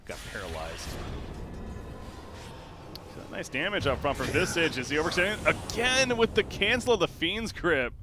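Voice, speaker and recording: A man giving live play-by-play commentary on a video game match, his pitch and volume surging during the fights. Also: lively intonation, brisk, hardly any pauses, over music. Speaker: esports caster. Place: home streaming setup.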